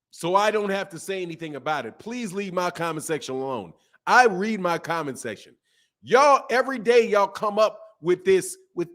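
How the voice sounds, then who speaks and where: This boxing commentator has a fairly high voice and rants in casual commentary, firing off rhetorical questions and repeating himself. He sounds animated and addresses his viewers directly.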